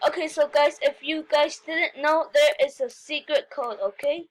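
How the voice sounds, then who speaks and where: A woman giving excitable gameplay commentary, talking straight to viewers and often breaking into squeals and repeated cries. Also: high-pitched, moderate pace, a little hiss or hum. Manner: talks straight to viewers, frequent "okay, guys". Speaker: gaming video host.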